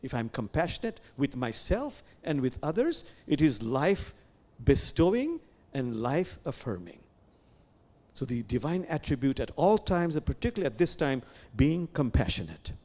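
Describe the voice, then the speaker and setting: A man leading a sermon as imam, speaking in an animated way with repeated phrases and questions to the listeners. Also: medium pitch, normal speed. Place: sanctuary.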